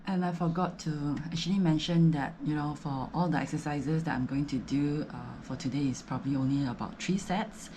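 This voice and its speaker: A woman's voice: low voice, steady tone, fairly quick, hardly any pauses, mellow, slight background noise. A Singaporean woman chatting casually about her home workout, slightly out of breath, with lots of fillers. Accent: Singaporean English. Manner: chatty, filler-heavy, rambling explanations. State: breathless between sets. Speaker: fitness vlogger.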